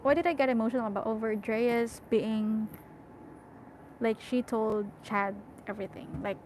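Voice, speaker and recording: A woman's voice: on the high side, steady tone, normal speed, darkish tone, a little hiss or hum, rough recording. A young woman reading a novel aloud, often correcting herself and stopping to chat about how emotional the story makes her. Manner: emotional, self-correcting, chatty. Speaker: audiobook reader.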